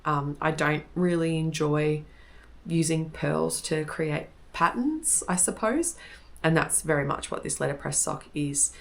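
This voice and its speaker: Aussie woman podcast host, chatty and rambly, low voice with some fry. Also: measured pace. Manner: chatty, self-correcting, relaxed. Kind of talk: casual chat.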